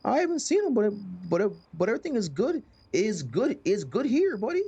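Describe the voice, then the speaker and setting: A man's voice: high voice, huge pitch swings, normal speed, warm tone, slightly rough, voice pushed up, full character voice. A man voicing an overly cheerful small-town neighbor who hides something behind sing-song reassurance. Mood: falsely cheerful.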